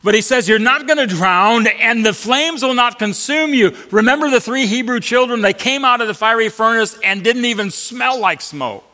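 Pastor guy preaching, bright ringing voice, big reverb in a church hall, goes loud then hushed. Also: lively intonation, moderate pace, hardly any pauses. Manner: swings between booming declarations and hushed quotes; leads congregation in call-and-response reading. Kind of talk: sermon.

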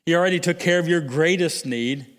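A male pastor preaching a sermon, moving from hushed, low reflection to raised, emphatic calls and repeating phrases for effect. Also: brisk. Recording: long hall reverb.

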